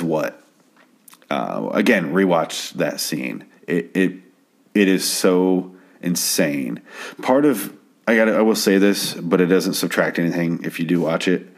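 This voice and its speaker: A man's voice: deep voice, moderate pace. A man casually recapping a TV episode at home, rambling and stammering with plenty of swearing. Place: home at night.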